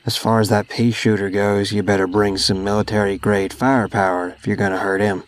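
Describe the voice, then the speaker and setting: A man's voice: fairly low pitch, flat delivery, fairly quick, lightly acted. A man voicing a grinning, gap-toothed old hillbilly stranger with a Southern US accent who speaks in a folksy drawl and gives grim warnings.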